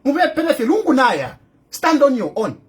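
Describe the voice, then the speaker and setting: A man's voice: very high voice, wildly swooping pitch, moderate pace, slightly rough. A middle-aged Zambian man with a Zambian accent, giving an impassioned, scolding address as a political commentator, firing off rhetorical questions and repeating them. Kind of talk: impassioned direct-to-camera address.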